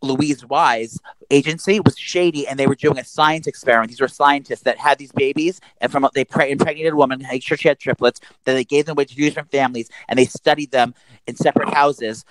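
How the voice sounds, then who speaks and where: Fast-talking gossipy man. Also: mid-range voice, no echo, poor audio. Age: around 40. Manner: gossipy, animated storytelling with swearing. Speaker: podcast co-host. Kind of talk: casual chat.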